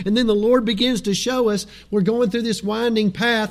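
Pastor, man, higher-pitched, lively preaching with acted-out quotes. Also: moderate pace, few pauses. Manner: animated preaching with quoted asides and chuckles. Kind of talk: sermon.

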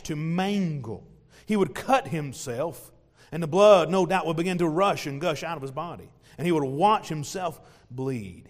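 A pastor giving an emphatic sermon. He repeats phrases and swings between loud, stressed lines and quiet asides. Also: on the high side. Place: church sanctuary. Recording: long hall reverb.

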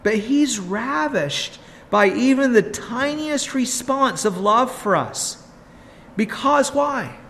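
Slow, earnest high-voiced male preacher. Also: expressive, fairly bright tone, slight background noise. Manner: slow, earnest, emphatic teaching with rhetorical questions. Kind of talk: sermon. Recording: long hall reverb.

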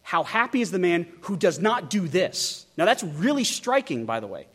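A man preaching an expository sermon, emphatic and animated, asking the listeners many rhetorical questions. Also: high-pitched, moderate pace, breathy edge. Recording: long hall reverb.

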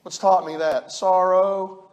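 High-voiced preacher, fervent. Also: male voice, steady tone, slow pace. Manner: preaches with rising fervor, folksy and emphatic. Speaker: pastor. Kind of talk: sermon.

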